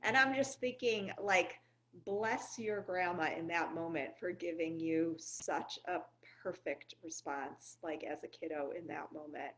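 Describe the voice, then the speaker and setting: A woman rabbi hosts the conversation and responds to her guest with soft, affirming remarks. She speaks unhurriedly in a lowish voice. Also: a little slow, poor audio. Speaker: rabbi, podcast host. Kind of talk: conversational interview.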